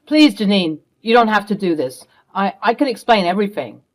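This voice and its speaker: A woman's voice: medium pitch, animated, brisk, lightly acted. A woman voicing a scheming middle-aged stepfather who stammers and snaps defensively. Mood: pleading.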